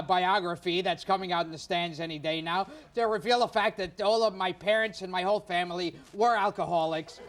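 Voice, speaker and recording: A man in his thirties, a comedian guest on a TV talk show, ranting in a shrill, mock-exasperated way. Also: fairly bright tone. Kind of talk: stand-up style talk show banter. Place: TV studio stage. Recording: live studio audience laughter and noise.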